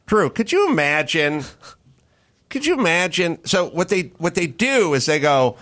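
A man's voice: on the high side, sing-song, a little slow, fairly bright tone. A man ranting with heavy swearing in casual podcast chat. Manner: profane, ranting.

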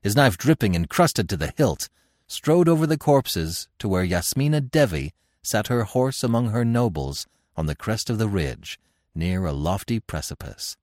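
Dramatic low-voiced male story narrator. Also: lively intonation, moderate pace, darkish tone, no room sound, studio quality. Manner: dramatic, with wide swings of pitch and volume. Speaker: narrator and host.

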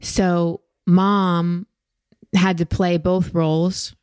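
A woman hosting a podcast, giving slow, gentle, reassuring emotional coaching to a guest. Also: fairly low pitch, flat delivery, clear, resonant tone, no room sound, clean studio sound. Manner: gentle, slow, reassuring advice with soft laughs. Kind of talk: coaching conversation.

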